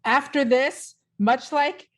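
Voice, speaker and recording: A woman improvising as a player in a tabletop game, spinning a playful scene in quick bursts. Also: high voice, fairly even intonation, fairly bright tone. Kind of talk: improvised tabletop role-play.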